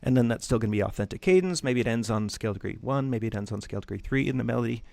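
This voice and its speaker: A man's voice: medium pitch, very fast, vocal fry, a little mellow, dry recording. A man teaching music theory in a loose, conversational lecture with jokey asides. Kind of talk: casual lecture.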